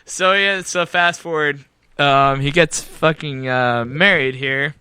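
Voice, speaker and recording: A man hosts a casual podcast, swearing freely and acting out every line of the conversations he retells. His voice is bright and crisp, a little higher than average, and the sound is dry and close. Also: slow pace, no echo. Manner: profane, laughing, acts out both sides of stories. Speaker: podcast host. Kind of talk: casual chat, storytelling. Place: podcast studio.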